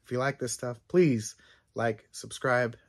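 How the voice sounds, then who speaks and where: A man's voice: mid-range voice, unhurried. A man hosting a casual book review vlog, talking enthusiastically and rambling with many fillers and restarts. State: out of breath, sore throat.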